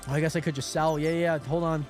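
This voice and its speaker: A young man live-streaming a game, chatting excitably to his viewers and greeting them by name, with lots of "like" and "hold on". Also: fairly high pitch, fast, soft background music. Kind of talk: casual livestream chat while gaming.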